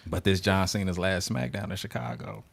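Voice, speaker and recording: Lively low-voiced joking co-host. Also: male voice, a little fast, vocal fry. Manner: joking, lively, repeats phrases for laughs. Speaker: podcast co-host. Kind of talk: casual chat.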